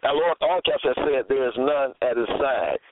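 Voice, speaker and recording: A man teaching from scripture in a slow, deliberate way, reading out verse after verse and restating each one. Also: mid-range voice, background noise. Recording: tinny phone-line sound, dry.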